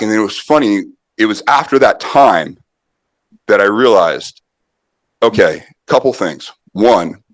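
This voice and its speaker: Middle-aged male guest, low-ish voice, dry close mic, animated storyteller with fillers. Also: no room sound. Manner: animated anecdote-telling with many fillers and restarts. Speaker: podcast guest, martial arts author. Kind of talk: conversational storytelling.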